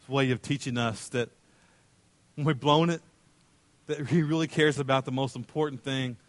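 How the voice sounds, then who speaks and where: A male pastor delivering a sermon, acting out voices in the story and moving from loud calls to hushed tender lines. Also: medium pitch, no room sound. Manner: dramatic, acts out voices in the story.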